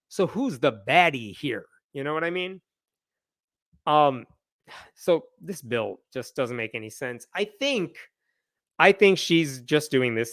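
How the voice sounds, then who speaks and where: Sarcastic male livestream host with a slightly high voice, dry close sound. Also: fairly bright tone, no room sound. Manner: sarcastic, reads passages aloud. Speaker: channel host. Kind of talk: livestream commentary.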